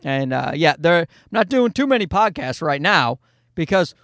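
A man talks through a comedy podcast with a high, lively voice that swings up and down. He swears casually and puts on quick voices for the people in his stories. The sound is close and dry, with no room around it. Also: no room sound. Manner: animated storyteller, swears freely, acts out voices. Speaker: podcast host. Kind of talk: comedic solo podcast monologue. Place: Toronto.

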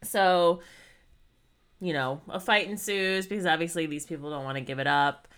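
A woman's voice: lowish voice, moderate pace, fairly bright tone, clean tone. A woman co-hosting a podcast, chatting casually in a rambling, giggly way. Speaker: podcast co-host. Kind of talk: casual chat.

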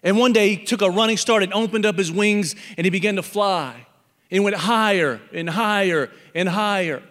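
A man's voice: sits high, normal speed, fairly bright tone, in a large hall. A man preaching a sermon, telling a parable as a pastor and acting out the animal characters in it.

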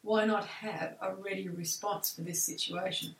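A woman's voice: medium pitch, steady tone, moderate pace. A woman co-hosting an advice talk, practical and emphatic. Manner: practical, emphatic, acts out sample replies. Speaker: co-host. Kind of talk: advice talk show discussion. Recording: echoey room, voice a bit far from mic.

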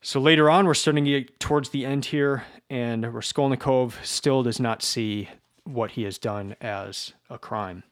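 Man, teacher, informal lecture, hesitant, repeats words, medium pitch. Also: fairly even intonation, a little slow.

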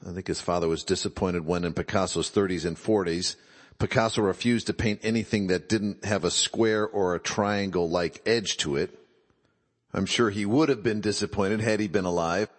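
Deep-voiced man, husky tone, reflective talk, echoing reverb. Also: normal speed. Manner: musing, poses rhetorical questions.

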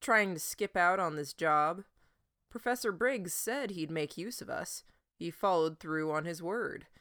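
Woman reader as a steady, no-nonsense teenage boy for an audiobook, low and unhurried. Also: no echo, studio quality. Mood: matter-of-fact. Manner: level, matter-of-fact. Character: calm, firm teenage boy.

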